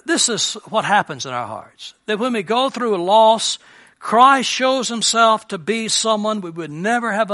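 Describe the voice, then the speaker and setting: A man preaching a sermon as a pastor, earnest, moving between emphatic lines and hushed ones. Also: on the high side.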